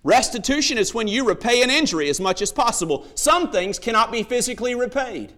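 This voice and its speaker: A man's voice: very high-pitched, lively intonation, brisk, fairly bright tone. A man preaching a sermon, emphatic, telling stories and acting out the voices in them.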